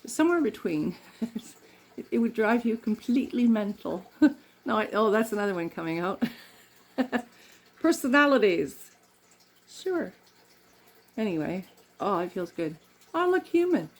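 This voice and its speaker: A woman's voice: mid-range voice, sing-song, normal speed, long pauses. A middle-aged woman from Canada chatting in a rambling way while doing her makeup, laughing often. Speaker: makeup vlogger.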